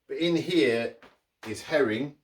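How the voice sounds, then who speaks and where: An unhurried man hosts a casual cooking vlog, talking straight to camera. He rambles and restarts his sentences, tossing in jokey asides as he goes. His voice sits at an ordinary middle pitch. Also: far from the mic. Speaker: cooking channel host.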